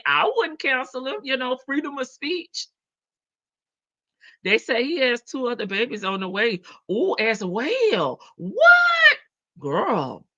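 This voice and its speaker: A woman's voice: a little high, bright, forceful tone, highs cut off. A woman hosting a livestream, chatting casually, greeting viewers by name and laughing often. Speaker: livestream host. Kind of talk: casual chat reading out live comments.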